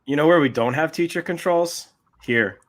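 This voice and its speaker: A man's voice: on the high side, moderate pace. A man co-hosting a casual podcast chat over a video call, joking and sarcastic, laughing often. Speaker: podcast co-host.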